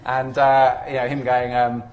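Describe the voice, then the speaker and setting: A man's voice: mid-range voice, little pitch movement, unhurried, lo-fi sound. A man giving a university statistics lecture in a chatty, rambling way with self-deprecating humour. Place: lecture room.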